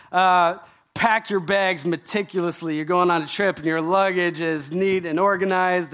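A middle-aged man from Canada, a pastor giving a sermon, telling a story with lively rhetorical questions. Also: high voice.

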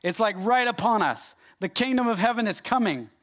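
A man preaching a sermon, animated and emphatic, speaking directly to his congregation. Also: high-pitched, a little fast. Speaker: pastor.

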